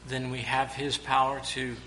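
A man preaching a sermon to his church, now and then shouting out the lines of the story he tells. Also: medium pitch, monotone, moderate pace, a little hiss or hum. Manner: preaching with sudden loud acted-out shouts.

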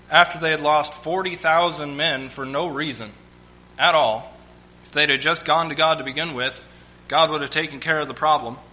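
A preacher with a rather high, sharp-toned voice teaches from the Bible on a rough recording. He reads scripture aloud and pauses to comment in plain, conversational asides.

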